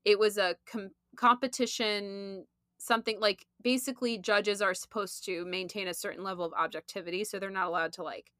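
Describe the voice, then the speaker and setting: A woman's voice: mid-range voice, fairly even intonation, a little fast, a bit bright, no room sound, studio quality. A young woman co-hosting a podcast, talking casually with lots of fillers and frequent laughs. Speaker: podcast co-host. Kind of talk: casual chat.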